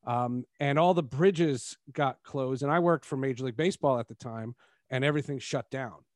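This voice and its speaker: A man's voice: mid-range voice, moderate pace, no room sound, clean studio sound. A man hosting a podcast interview, chatting casually and winding through his questions with restarts. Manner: rambling, restarts mid-thought. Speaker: podcast host.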